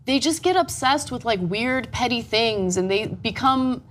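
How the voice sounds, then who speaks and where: A woman co-hosting a talk show, telling a story in casual, animated chat and swearing freely. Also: a little high, measured pace. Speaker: show co-host.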